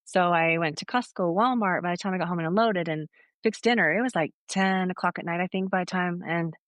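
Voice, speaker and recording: Middle-aged woman telling a lively story. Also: lowish voice, a little fast, no echo. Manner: animated storyteller, acts out quotes. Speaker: guest, foot zoner. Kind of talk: casual storytelling interview.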